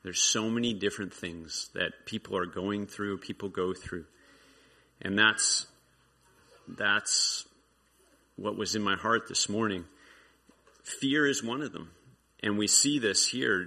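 A man's voice: on the low side, slow, gravelly, long pauses, sharp tone, slightly rough. A man giving an informal sermon, reading scripture and reflecting aloud in a conversational way. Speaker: preacher.

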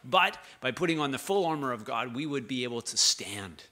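Bright-voiced man preaching casually. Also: mid-range voice, animated, a little fast. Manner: conversational preaching, reading scripture with restarts and asides. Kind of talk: sermon.

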